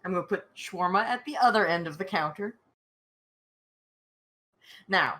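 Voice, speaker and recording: A woman playing a tabletop game with a bright, crisp voice that swings a lot in pitch. She talks quickly and playfully, cracking jokes as she goes. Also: animated. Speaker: player. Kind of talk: casual tabletop game play.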